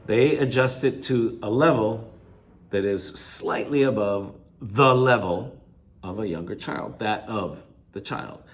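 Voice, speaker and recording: A man with a fairly low voice goes through a reading passage in a video lecture. He restates each hard word with plain synonyms and says things twice. He lifts his pitch on examples, and his phrase ends fall off quietly. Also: slow pace. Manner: restates key words with simple synonyms, often repeating himself. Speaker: English teacher. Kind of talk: video lecture going over reading answers.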